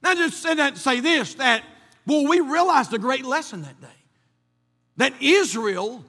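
A man's voice: very high-pitched, animated, moderate pace, sharp tone, slightly rough, long reverb tail. A man from North Carolina, preaching a sermon and telling a folksy personal story with many restarts. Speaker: pastor.

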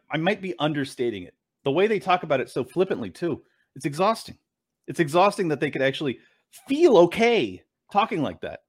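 A man ranting through a political commentary, sarcastic, profane and incredulous. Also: mid-range voice. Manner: mocks clips with mimicking voices. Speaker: commentary host.

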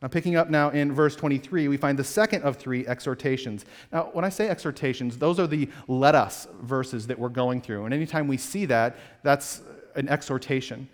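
A man's voice: medium pitch, normal speed, few pauses. A man preaching a sermon as a pastor, earnest and putting direct questions to his congregation. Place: church sanctuary. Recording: long reverb of a church hall.

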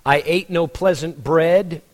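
A Texan pastor preaches in a loose, conversational way, firing off rhetorical questions and restarting his sentences. His voice sits a little high for a man, and a long hall reverb trails after his words. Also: slow pace. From Texas. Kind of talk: sermon.

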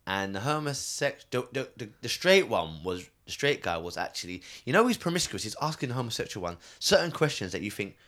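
A man's voice: medium pitch, big pitch swings, fairly quick, hardly any pauses, a bit bright. A man, a taxi driver telling slangy anecdotes in casual chat.

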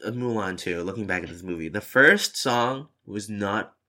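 Very deep-voiced woman, dry and exasperated. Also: lively intonation, normal speed, pushed and bright. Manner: dry, exasperated, curses in agreement. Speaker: podcast co-host. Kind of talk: casual podcast chat.

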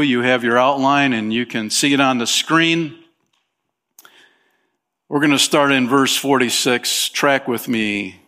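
A man's voice: mid-range voice, sharp tone. A man preaching a sermon as pastor of his church, talking in a conversational way with small fillers and emphatic rises.

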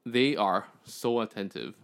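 A man's voice: lowish voice, expressive, a little slow, gravelly, a bit bright. A young adult man chatting on a podcast, rambling and joking with lots of fillers. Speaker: podcast guest. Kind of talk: casual chat.

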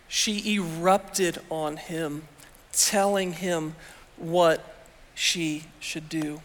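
A man's voice: high voice, fairly bright tone. A man preaching a sermon in a church, talking to the congregation in a conversational way with frequent rhetorical questions. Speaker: pastor. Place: church sanctuary. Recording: long hall reverb.

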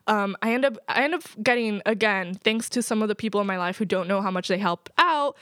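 A woman's voice: fairly high pitch, dry recording, studio quality. Laughing, storytelling young woman. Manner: animated storyteller, laughs often. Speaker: podcast guest. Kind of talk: casual chat.

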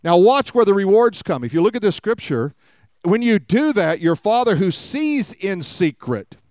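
A man's voice: sits high, big pitch swings, normal speed, a little mellow, no room sound. A man preaching a conversational sermon to a live congregation, often asking them questions. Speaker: pastor. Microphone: live-streamed service mic.

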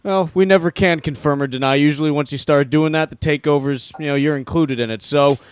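A man's voice: on the high side, a little fast, smooth. A man co-hosting a casual sports podcast, upbeat as he wraps up the show. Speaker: podcast co-host.

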